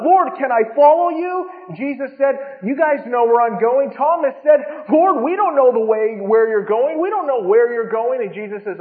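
A man preaching an expository Bible sermon, earnestly retelling scripture in plain everyday words. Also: very high-pitched. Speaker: pastor. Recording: echoey hall over a tinny phone-like line.

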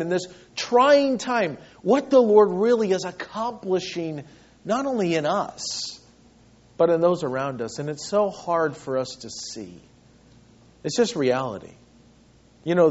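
A man's voice: high voice, a little mellow, dull audio. A man preaching a sermon as pastor, earnest and emphatic, repeating phrases for weight.

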